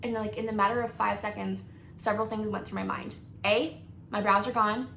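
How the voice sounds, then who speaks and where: A woman's voice: mid-range voice, steady tone, a little fast, creaky, a bit bright. A woman in her thirties, a beauty vlogger chatting through a story while doing her makeup, laughing often and peppering her talk with likes and ums. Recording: echoey room with faint noise.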